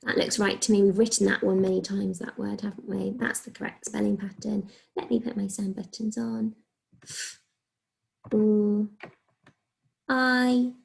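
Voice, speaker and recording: In a recorded video lesson, a primary school teacher with an English accent teaches phonics to young children. Her mid-range voice is slow and clear as she sounds out the letters.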